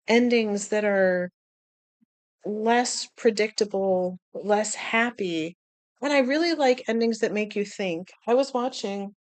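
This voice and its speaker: A woman's voice: mid-range voice, dry recording. Chatty woman talking about writing. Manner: animated, chatty, laughs often, acts out quotes. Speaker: writing vlogger. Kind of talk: casual chat.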